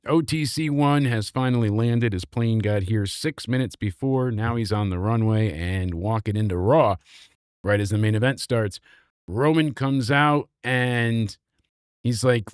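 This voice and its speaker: A man recapping a wrestling show in a casual, animated, sarcastic way, swearing freely. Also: medium pitch, measured pace, clean tone, no echo, studio quality.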